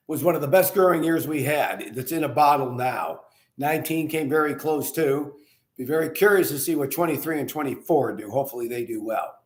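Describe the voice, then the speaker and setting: A man's voice: a little high, roomy sound. A man who owns a winery and hosts his own show, telling a casual story full of fillers and restarts, then tasting wine. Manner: rambling with many fillers and restarts. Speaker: winery owner and show host.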